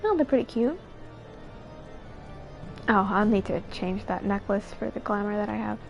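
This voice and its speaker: A woman streamer chatting casually through her gameplay, reacting in a bubbly, expressive way. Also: mid-range voice, normal speed, gravelly, highs cut off, faint music behind.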